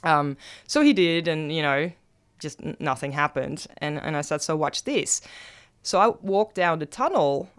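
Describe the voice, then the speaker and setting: A woman, a former aquarium diver, telling stories in a casual, animated way with many fillers and bursts of laughter. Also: normal speed, clean tone. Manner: animated, lots of fillers and laughs, pitch jumps when excited. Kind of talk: casual conversational storytelling.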